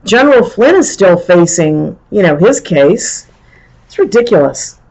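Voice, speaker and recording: A woman's voice: medium pitch, sing-song, measured pace, darkish tone, low-quality recording. A middle-aged woman hosting a live political commentary stream, ranting in an exasperated, rambling way with frequent restarts. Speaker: show host.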